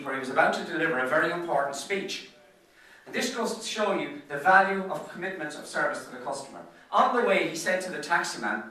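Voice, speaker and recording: A man's voice: fairly high pitch, bright, forceful tone. An Irish man giving an after-dinner business presentation at a golf club, telling anecdotes in a chatty way and often repeating words as he goes. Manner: chatty storyteller who stutters on repeated words. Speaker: business speaker. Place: function room at a golf club. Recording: very echoey room, mic far off.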